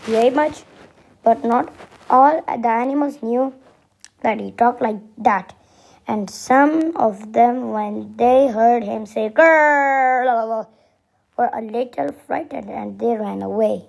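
A woman reading a children's story aloud, unhurried, with playful asides and sound effects. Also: fairly high pitch, gravelly, dark tone, husky, poor audio.

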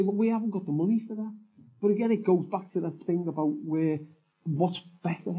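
A man's voice: medium pitch, dark tone, husky, lo-fi sound. A man, a writer and former police officer, speaking as a guest in a live on-stage interview, telling candid, rambling stories full of "you know"s. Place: live summit stage before an audience.

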